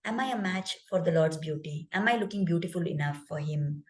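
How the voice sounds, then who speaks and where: A woman's voice: lowish voice, a little fast, roomy sound, lightly acted. A woman voicing a young devoted woman who wonders whether she is beautiful enough to be a bride. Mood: wondering. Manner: wondering, self-questioning.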